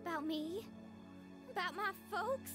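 A woman's voice: extremely high pitch, measured pace, loud music behind the voice. A woman voicing a timid little girl in a video game, speaking hesitantly. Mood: anxious. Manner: hesitant, unsure.

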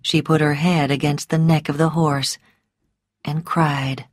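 A woman narrating a story for English learners in a slow, careful, clearly paced reading. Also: deep voice, flat delivery, no room sound, clean studio sound.

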